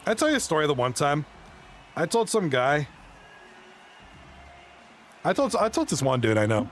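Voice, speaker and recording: Male live streamer, chatty and excitable, slightly raised pitch. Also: normal speed, a little hiss or hum. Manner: rambling, excitable, chats with viewers. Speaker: live streamer and league commentator. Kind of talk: casual live-stream chat.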